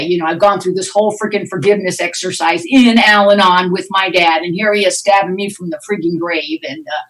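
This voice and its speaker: A woman's voice: lowish voice, steady tone, brisk, a bit bright. A middle-aged woman from the United States sharing her story at an Al-Anon meeting, frank and wry, with a storyteller's timing. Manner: frank, wry storyteller who acts out quoted voices. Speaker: Al-Anon speaker. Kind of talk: recovery meeting share, storytelling. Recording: distant mic, online conference audio.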